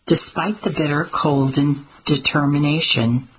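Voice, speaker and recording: Woman narrator, story reading, low voice, slow and measured. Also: a little hiss or hum, rough recording. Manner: steady and measured, with small slips. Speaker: audiobook narrator. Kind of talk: scripted narration.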